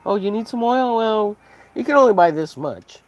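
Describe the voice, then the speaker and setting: A man's voice: sits high, animated, moderate pace, pitched above the performer's own voice. A man putting on the voice of a smug oil seller who teases buyers with sing-song questions. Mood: taunting.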